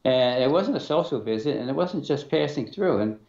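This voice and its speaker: A middle-aged man telling a personal story as an interview guest, halting and full of fillers and restarts, acting out dialogue. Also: medium pitch, expressive, creaky, darkish tone. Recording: dull, roomy sound.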